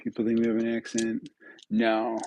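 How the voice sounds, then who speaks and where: A man's voice: medium pitch, completely flat delivery, moderate pace, warm tone, a little hiss or hum, poor audio. A man from New York state hosting a live stream, chatting casually with viewers and muttering to himself as he builds. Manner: chats with viewers, muttering to himself between pieces. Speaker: livestream host.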